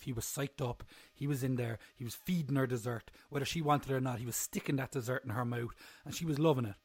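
A man's voice: mid-range voice, breathy edge, no echo. A young man, hosting a casual solo recap podcast in a rambling, jokey, self-mocking way. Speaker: podcast host.

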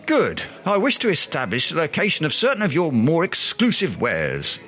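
A man's voice: fairly high pitch, wildly swooping pitch, normal speed, pushed and bright, faint music behind, full character voice. An actor playing a pompous, self-important Englishman in a radio sitcom, speaking in flowery words. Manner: grandiloquent, long-winded, flowery words.

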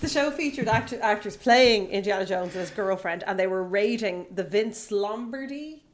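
A woman's voice: mid-range voice, normal speed, crowd noise. A woman hosting a casual podcast quiz, reading out trivia with a joking, laughing tone.

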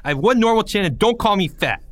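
A man's voice: wildly swooping pitch, measured pace, a bit bright, exaggerated voice. A man doing a stubborn, touchy schoolboy. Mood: indignant. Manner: muttering, then shrill taunting. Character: stubborn chubby schoolboy, easily stung.

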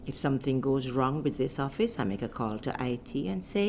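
Middle-aged bereavement officer, deep gravelly voice, animated delivery, faint background hiss. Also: female voice, brisk. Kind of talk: documentary interview testimony.

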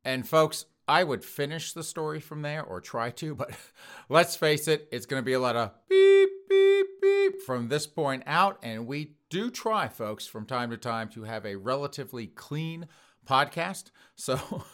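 A man's voice: on the high side, measured pace, clear, resonant tone. Podcast host guy spinning a funny story, voice jumping all over. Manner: animated, addresses listeners as folks. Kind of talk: comic storytelling monologue.

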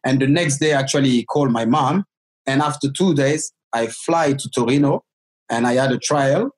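A man, in his forties, tells a story from his own life. He talks casually and haltingly, restarting and filling his sentences as he goes. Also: mid-range voice, rough recording. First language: French. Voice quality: halting, with many restarts and fillers.

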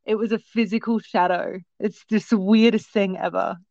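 A woman guest telling a story in a rambling, animated way, with many restarts. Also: mid-range voice, normal speed, a crowd in the background. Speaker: guest recounting a sighting. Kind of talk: casual storytelling. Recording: dull, lo-fi, dry sound.

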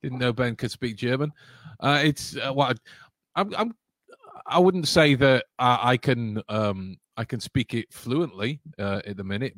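A man's voice: fairly low pitch, no room sound. A man talks in loose, friendly chat, tripping over his words and repeating himself as he goes. His voice sounds close and dry, with little room sound around it. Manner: stammering, repeats words, laughs often. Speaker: podcast host. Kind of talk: casual chat.

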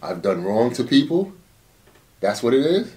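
Animated man swearing through a story. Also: mid-range voice, a little slow, distant mic. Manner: animated storytelling, frequent swearing and "you know what I'm saying". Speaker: battle rap league owner. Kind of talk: casual interview talk.

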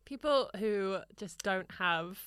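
A woman's voice: mid-range voice, animated, slow pace, fairly bright tone, clear, resonant tone, no echo, clean studio sound. A woman co-hosting a podcast, bantering playfully and giggling through casual chat. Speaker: podcast co-host.

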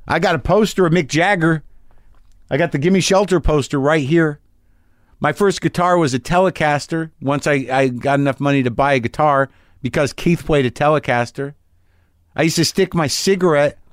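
A man hosting a podcast from his garage, telling a rambling, excitable story full of swearing and restarts. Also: a little high, no echo, studio quality. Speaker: podcast host. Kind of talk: casual storytelling monologue. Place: home garage studio.

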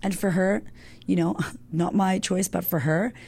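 Speaking as a guest from her home in Australia, a young American woman candidly shares a personal story, cursing freely and leaning heavily on "like." She has a fairly low, mellow, husky voice with vocal fry, a steady tone and a slightly slow pace.

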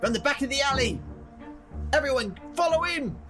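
A shouting Cockney voice, high and urgent, as a man puts it on. It is a loud, pitched-up shout in a tabletop game, with music behind. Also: lively intonation, moderate pace. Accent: put-on Cockney.

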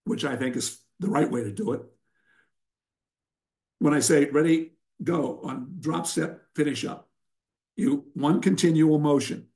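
A man's voice: fairly high pitch, a little slow, long pauses, darkish tone. An older man, a wrestling coach and guest, giving blunt, emphatic instruction and telling sarcastic stories in an interview.

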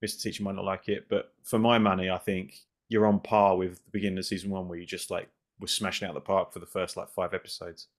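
Upbeat man with a low voice. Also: little pitch movement, fast, few pauses. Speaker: podcast co-host, story reviewer. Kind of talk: casual chat.

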